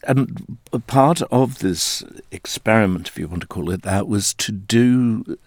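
A middle-aged man from South Africa, a stage actor, answering interview questions in a measured, thoughtful way. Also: lowish voice, a little mellow, no echo, clean studio sound. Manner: measured, thoughtful, deliberate phrasing.

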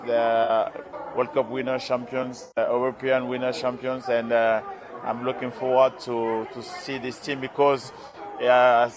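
A man speaking English with a French accent, his voice hoarse, answering questions in a live interview with many pauses, fillers and restarts. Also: medium pitch. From France. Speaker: interviewee, former rugby player. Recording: loud crowd behind, outdoor event.

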